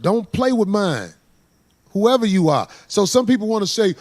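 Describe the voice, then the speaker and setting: A man's voice: sits high, very animated, normal speed. A man speaking as a guest on a talk show, blunt and emphatic in casual chat.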